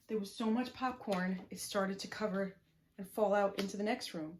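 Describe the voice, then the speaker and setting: A woman reading a picture story aloud to preschoolers at a library, in a sing-song, animated way that invites the children to join in. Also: mid-range voice, brisk, roomy sound. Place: library room.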